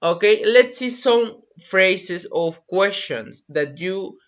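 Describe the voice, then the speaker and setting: An English teacher with a Spanish accent, a native Spanish speaker, slowly drilling pronunciation in an online lesson. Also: mid-range voice, expressive. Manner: slow, repetitive drilling of pronunciation. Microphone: computer mic on a video call. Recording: dull lo-fi webinar audio.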